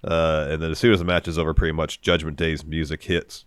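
A man co-hosting a podcast, chatting casually and recapping events in a relaxed way. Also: extremely low pitch, fast, smooth, no echo. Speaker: podcast co-host. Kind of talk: casual chat recapping wrestling.

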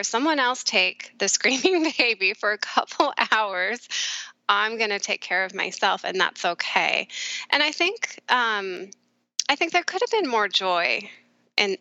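A middle-aged woman speaks openly in an interview, her voice bright and crisp. She is reflective and unhurried, with soft laughs slipping into her sentences. The sound is dry and close, with no room around it. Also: medium pitch, dry recording, muffled recording. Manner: warm, reflective, often laughing softly. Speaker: therapist guest. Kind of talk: candid conversational interview.

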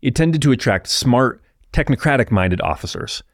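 A man hosting a history podcast, narrating in a relaxed, explanatory way with asides to the listener. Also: medium pitch, normal speed, no echo, clean studio sound.

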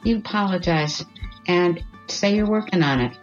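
A woman's voice: fairly low pitch, normal speed, lo-fi sound, faint music behind. A woman guest on a podcast giving parenting advice in an earnest, reassuring way, often checking in with "okay?". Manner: earnest, reassuring, tags points with "okay?" and "you know what?".

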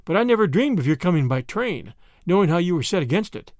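A man's voice: high voice, sing-song, quick pace, darkish tone, dry recording, studio quality. A man voicing a grown son who speaks earnestly and matter-of-factly, in a storybook reading. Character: grave, dutiful grown son.

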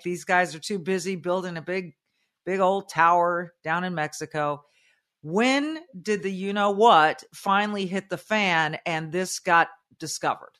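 A woman hosting a talk show interview, brisk and plain-spoken, recapping the story in folksy everyday words. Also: fairly low pitch, fairly bright tone. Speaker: radio talk show host. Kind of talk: interview host, casual.

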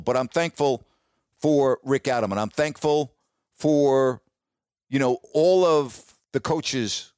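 A middle-aged man, a sports broadcaster, telling stories casually and warmly, dropping his voice when he quotes others. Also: no echo, clean studio sound. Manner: warm, reminiscing, quotes others in a lowered voice. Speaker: sports broadcaster, podcast host. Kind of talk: casual storytelling monologue.

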